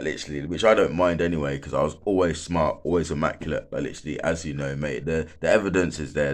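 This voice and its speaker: A stoned man with a very deep, gravelly voice, once a security worker at a football stadium, rambles in a casual monologue, swearing a lot and filling gaps with "like, literally" and "mate."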